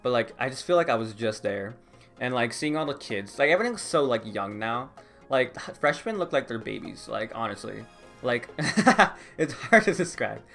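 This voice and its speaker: A man's voice: medium pitch, big pitch swings, normal speed, gravelly, a bit bright, soft background music. A young man in his late teens or early twenties, vlogging in a rambling casual chat, full of "like" and laughs. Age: young adult. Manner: rambling, heavy use of "like", frequent laughs.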